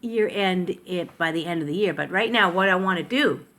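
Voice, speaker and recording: A woman's voice: fairly low pitch, moderate pace, fairly bright tone. Older woman vlogger, casual and meandering, self-corrections, kitchen recording on a tablet. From Canada. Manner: chatty, rambling, self-interrupting. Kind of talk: casual chat to camera. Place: home kitchen. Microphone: tablet camera.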